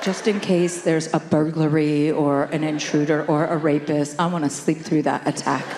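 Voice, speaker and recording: A woman doing stand-up, telling a story in a deadpan way and laughing at her own lines. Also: sits low, normal speed. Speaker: stand-up comedian. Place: theater stage before a live audience. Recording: roomy hall reverb with background noise.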